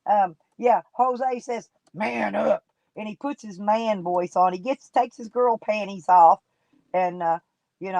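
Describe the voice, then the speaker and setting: A woman's voice: mid-range voice, darkish tone, dry recording, dull audio. A woman streaming live, chatting casually with her viewers and gossiping about people in her chat in folksy, colloquial talk.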